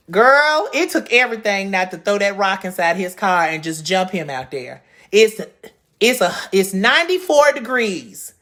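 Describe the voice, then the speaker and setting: A woman telling a comedic storytime rant outdoors in a suburban neighborhood, brash and profane, swinging from loud outbursts to low mutters. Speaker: vlogger.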